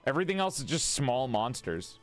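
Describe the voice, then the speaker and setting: Man, gaming livestream chat, animated pitch, gushing, a bit sleepy, faint background music. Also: brisk. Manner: excitable, gushing, swings into high squeals. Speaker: streamer.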